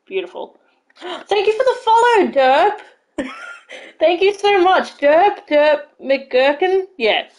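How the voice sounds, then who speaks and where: A woman live-streaming a video game, chatting casually and gushing excitedly to her viewers. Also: extremely high pitch, very slow, long pauses, low-quality recording. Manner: gushing, excitable, thanks followers. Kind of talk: casual live-stream chat while playing.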